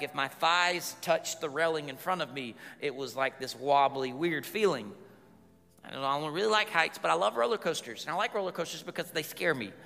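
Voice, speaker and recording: A man, preaching a sermon as a chatty, humorous storyteller who gets loud at times. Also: fairly high pitch, vocal fry, long reverb tail. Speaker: pastor.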